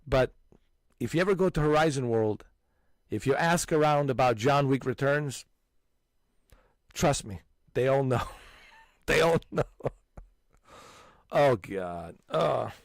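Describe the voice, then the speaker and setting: A man hosting a gaming channel, loudly swapping stories with friends and breaking into frequent laughter and exclamations. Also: medium pitch, expressive, slow pace, creaky, pauses often, no room sound, clean studio sound. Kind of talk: casual chat with friends.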